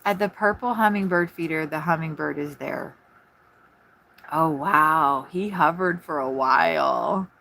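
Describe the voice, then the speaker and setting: A woman talks fast and scattered, hopping between thoughts while she streams from her RV. Her voice sits a little low, and it comes through a phone set on a tripod in a small camper. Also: creaky. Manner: fast, scattered, excitable chatter. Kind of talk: casual live-stream chat. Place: inside an RV at a campground.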